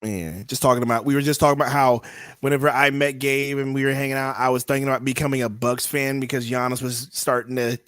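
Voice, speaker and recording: A young man co-hosting a podcast, chatting casually and joking excitably while reacting to a live basketball game. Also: mid-range voice, fast, clean tone, no echo. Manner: joking, excitable, trash-talking. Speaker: podcast co-host.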